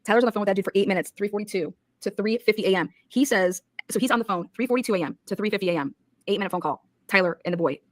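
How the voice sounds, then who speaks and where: A woman's voice: medium pitch, rapid-fire, no room sound. A woman hosting a casual true-crime talk, blunt, profane and incredulous. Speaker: podcast host.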